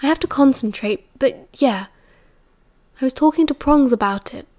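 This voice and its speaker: A woman with a British accent voicing a caring young man who speaks gently, sometimes in a hush. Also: high-pitched, moderate pace, lightly acted. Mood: coaxing. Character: caring, teasing young man, protective friend.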